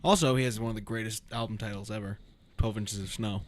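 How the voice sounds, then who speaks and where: A man's voice: on the low side, steady tone, quick pace. A man co-hosting a casual podcast chat, dropping dry jokes and asides. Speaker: podcast co-host.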